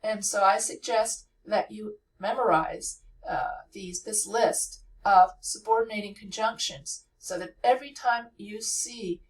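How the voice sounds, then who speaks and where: A woman's voice: medium pitch, fairly even intonation, a little slow, hardly any pauses, distant mic, low-quality recording. Patient woman teaching grammar, a little off-mic. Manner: patient, repeats key points, frequent uh fillers. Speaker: writing teacher. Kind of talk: explanatory lesson.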